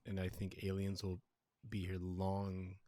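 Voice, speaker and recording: A man's voice: low voice, monotone, unhurried, dark tone, dry recording. A man co-hosting a podcast in casual chat, rambling and profane with frequent fillers, on a close mic. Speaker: podcast co-host.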